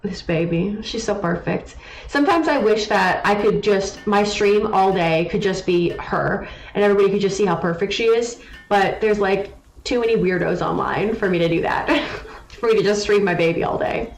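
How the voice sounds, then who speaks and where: A woman's voice: medium pitch, lively intonation, moderate pace. Chatty woman streamer in an echoey room. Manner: chatty, reads chat aloud and answers teasingly. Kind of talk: casual live-stream chat while gaming. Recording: echoey room with faint noise.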